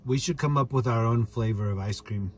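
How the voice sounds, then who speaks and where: A man's voice: mid-range voice, fairly quick, a little mellow, slight background noise. A man casually chatting on a live stream, joking, rambling, and greeting viewers by name.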